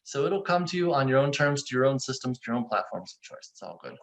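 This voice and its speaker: A man with an ordinary mid-range voice hosts a webinar in a loose, conversational way. He is animated and playful, and slips into little acted quotes as he explains. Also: medium pitch, fast talker. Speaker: webinar host, software founder.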